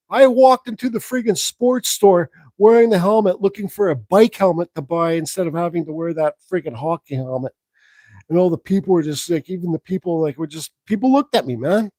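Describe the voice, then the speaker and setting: A man with a fairly high voice rambles through a story on a live stream, frank and loose with his swearing. The sound is close and dry, with no room around him. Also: fairly quick, mellow, no room sound, low-quality recording. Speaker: woodcarving channel host.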